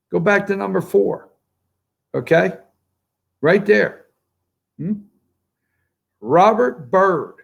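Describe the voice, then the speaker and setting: Gravelly sarcastic talk show man. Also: a little high. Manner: sarcastic, rambling, addresses viewers directly. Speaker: political talk show host. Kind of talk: opinionated morning show commentary.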